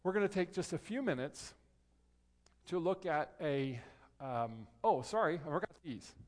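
A man preaching a conversational sermon as pastor, reading scripture aloud in slow, careful phrases. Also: a little high, lively intonation. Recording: long hall reverb.

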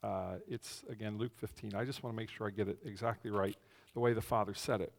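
A man preaching a conversational sermon as pastor, telling the story with animation and swinging between loud and hushed. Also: lowish voice, fairly even intonation, fast, creaky. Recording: long reverb of a large hall.

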